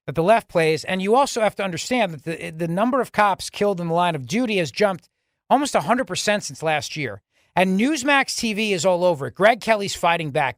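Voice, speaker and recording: A man's voice: high voice, fairly bright tone, no room sound, clean studio sound. A man hosting a talk radio show, chatting casually and reading listener tweets and ads. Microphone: studio microphone.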